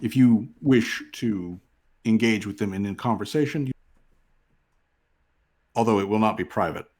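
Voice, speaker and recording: A man playing a formal, measured city official. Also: on the low side, a little mellow, lightly acted. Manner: slow, formal, hesitant with fillers.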